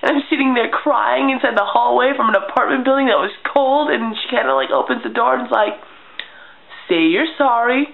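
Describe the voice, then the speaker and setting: A woman's voice: on the high side, fast, vocal fry, few pauses. Chatty young woman, tinny webcam sound. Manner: chatty, deadpan humor, acts out childhood scenes. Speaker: vlogger. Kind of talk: casual storytelling vlog.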